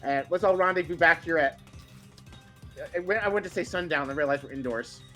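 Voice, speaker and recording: A man's voice: fairly high pitch, fairly quick, pushed and bright, soft background music. A man playing a tabletop game, speaking politely and partly in character. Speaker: player.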